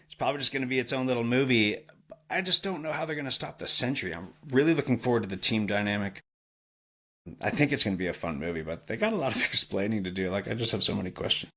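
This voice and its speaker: Bright-voiced man chatting eagerly. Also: mid-range voice, expressive, fast talker. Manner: enthusiastic, uses "like" and "dude". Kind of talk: casual chat.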